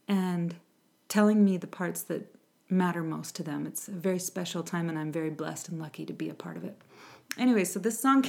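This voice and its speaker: A woman's voice: fairly low pitch, darkish tone. A woman who sings for a music ministry, talking casually to viewers before a song, chatty and meandering with frequent asides. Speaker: music ministry singer and host.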